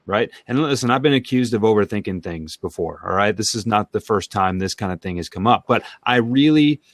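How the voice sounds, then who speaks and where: A man co-hosting a sales talk show, chatting casually in an animated way and thinking out loud. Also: on the low side, fairly quick, no room sound. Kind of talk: casual conversational chat.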